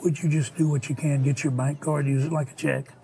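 A man hosting a ministry broadcast, telling a story and earnestly pleading for donations, sometimes dropping to a soft near-whisper. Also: on the high side, level tone, brisk, vocal fry. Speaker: ministry host making a donation appeal. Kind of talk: earnest fundraising appeal and storytelling.

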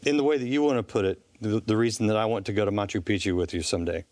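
Male TV host, low voice, halting friendly questioner, dry studio sound. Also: a little mellow, no echo. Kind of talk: casual studio interview. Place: TV studio set.

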